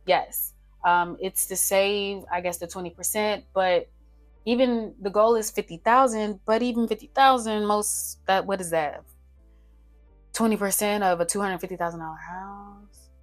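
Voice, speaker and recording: A young woman chatting casually to her viewers as she works out a budget on paper, counting figures out loud. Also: mid-range voice, steady tone, normal speed. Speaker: budgeting vlogger. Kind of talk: casual talk-through while writing a budget. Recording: faint music behind.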